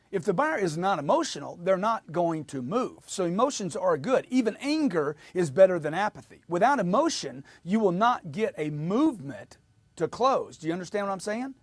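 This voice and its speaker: A man's voice: high voice, no echo. A man giving an emphatic motivational sales lesson, repeating his points as he coaches. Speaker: sales trainer.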